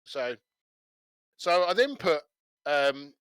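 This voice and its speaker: A man chatting on a gaming podcast, telling stories in an animated way, swearing and laughing as he goes. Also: on the high side, takes it slowly, smooth, dry recording. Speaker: podcast co-host. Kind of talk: casual chat, storytelling.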